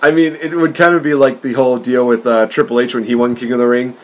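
A man talking casually on a podcast in an ordinary mid-range voice. He rants with excitable, fast-talking energy. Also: medium pitch. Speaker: wrestling podcast co-host.

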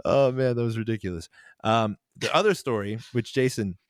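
A man's voice: mid-range voice, moderate pace, no echo. Young guy rambling through an old tour story, lots of likes and ums, dry close sound. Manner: rambling, lots of fillers, laughs while telling stories. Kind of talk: casual storytelling chat.

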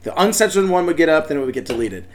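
A man's voice: on the high side, sing-song, rapid-fire, a little hiss or hum. A man co-hosting a casual podcast, rambling and laughing often in tipsy banter. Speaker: podcast co-host. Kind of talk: casual chat.

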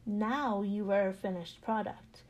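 A gentle master potter of a storybook parable, played by a woman, speaking quietly and patiently. His words come slowly and softly. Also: mid-range voice, steady tone, muffled recording, natural voice.

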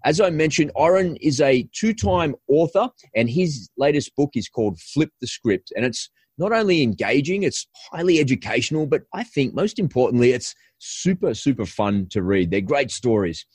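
A man's voice: medium pitch, very animated, moderate pace, few pauses, darkish tone, breathy edge, no echo. A male podcast host giving an upbeat, promotional intro and then interviewing a guest.

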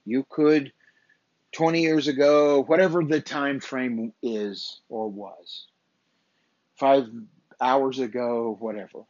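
A man's voice: mid-range voice, steady tone, slow pace, a little mellow, no room sound. A man hosting a motivational podcast, talking in a blunt, emphatic, profane and repetitive way. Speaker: podcast host. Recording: dull, dry lo-fi recording.

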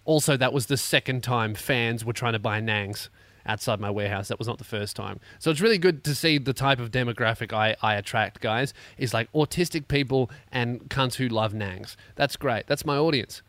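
A man's voice: mid-range voice, moderate pace, a bit bright, no echo. An Australian man hosting a comedy podcast, ranting sarcastically with lots of swearing while in pain from a neck injury. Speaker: podcast host.

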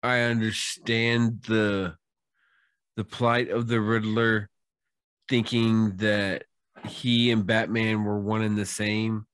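A man co-hosting a podcast in casual chat, laid-back and measured. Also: on the low side, flat delivery, a bit bright, smooth, no echo, studio quality. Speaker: podcast co-host.

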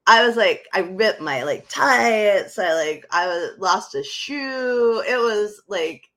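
A woman's voice: mid-range voice, animated, slow, a bit bright. A middle-aged woman co-hosting a live podcast, telling a story dramatically and animatedly. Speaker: podcast co-host.

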